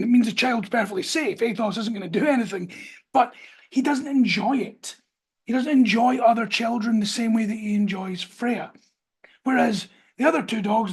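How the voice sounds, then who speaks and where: Male podcast host, husky, direct and firm, casual advice delivery. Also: very high voice. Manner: direct, firm instructions with stretched-out emphasis. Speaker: podcast host, dog trainer.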